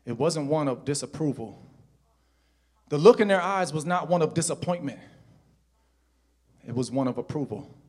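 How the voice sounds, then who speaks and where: A man with a high voice for a male speaker, preaching a sermon built on personal story. His delivery drops to hushed, confiding tones and then climbs to loud, shouted exhortation. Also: animated, moderate pace, long pauses. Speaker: pastor.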